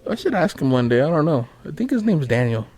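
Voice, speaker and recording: Casting: man, podcast co-host, casual banter, quick to laugh, cusses freely. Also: a little high, big pitch swings, a little mellow. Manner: laughs often, swears freely.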